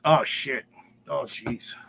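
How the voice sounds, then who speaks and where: A man co-hosting a casual podcast chat, excitable and ranting, often raising his voice to a shout. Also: mid-range voice, slow, gravelly. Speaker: podcast co-host.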